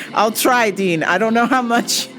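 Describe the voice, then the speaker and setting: A woman from the United States hosting a casual podcast, animated, laughing often and swearing freely. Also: a little high. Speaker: podcast host.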